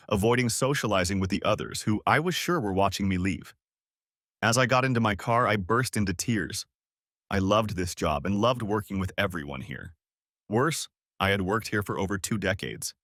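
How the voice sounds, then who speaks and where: A man's voice: fairly low pitch, a bit bright, no room sound, studio quality. A man narrating a dramatic first-person story in a scripted audiobook reading.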